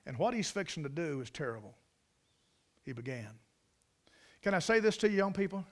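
A man's voice: on the high side, big pitch swings, brisk. A man with a Carolina Southern accent preaching a folksy sermon to a church congregation, telling stories with emphatic asides. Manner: drawling, storytelling, emphatic asides. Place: church service.

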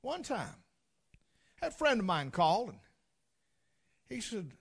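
A man's voice: high-pitched, sing-song, unhurried, vocal fry, fairly bright tone, slightly rough. A man with a Southern US accent telling a folksy story with dry humor.

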